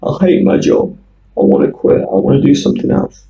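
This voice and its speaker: A man's voice: huge pitch swings, a little fast, gravelly, dark tone, lo-fi sound. A man putting on the voice of a drunk young nurse woman from Taiwan who speaks with a heavy accent and is fed up with her job. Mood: glum. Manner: high squeaky put-on voice.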